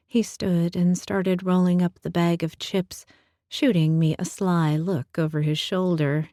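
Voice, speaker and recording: A woman narrating a first-person audiobook with a calm, intimate delivery. She takes her time over every phrase, her voice sitting a little low and mellow. The sound is dry and close, with no room around it. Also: a little slow, no room sound.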